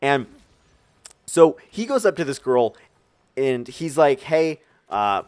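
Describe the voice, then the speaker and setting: A man's voice: mid-range voice, slow, no room sound. Rambling young man telling a story. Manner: rambling, filler-heavy, animated storytelling. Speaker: vlogger. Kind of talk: casual storytime vlog.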